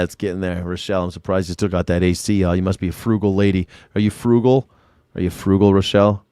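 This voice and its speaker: Man, livestream chat, rambling, sarcastic, smooth voice, dry close mic. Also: low-pitched, a little mellow, no room sound. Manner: rambling, profane, sarcastic, talks to viewers by name. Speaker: independent news and culture commentator. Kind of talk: casual livestream chat reading viewer comments.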